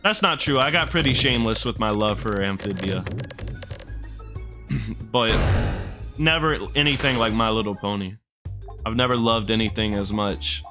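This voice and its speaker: A gaming streamer with a fairly low voice and lively intonation rambles through casual let's-play commentary over music. He talks at a moderate pace with frequent pauses, joking, swearing, and answering his chat as he plays.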